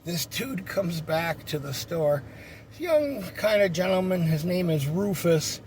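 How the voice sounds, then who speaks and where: A man's voice: sits high, expressive, slow, darkish tone, a little hiss or hum. A middle-aged man from North Carolina telling a rambling, joking personal story in a casual chat, acting out voices as he goes. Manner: rambling, joking, acts out voices in his stories. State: sunburned.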